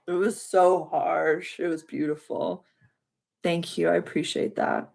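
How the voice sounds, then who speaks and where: A woman's voice: low-pitched, level tone, unhurried, vocal fry. Heartfelt woman rambling on a live call. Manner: heartfelt, rambling, emotional storytelling; addresses viewers by name and thanks them warmly. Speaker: spiritual coach hosting a live members' call. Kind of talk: casual livestream chat.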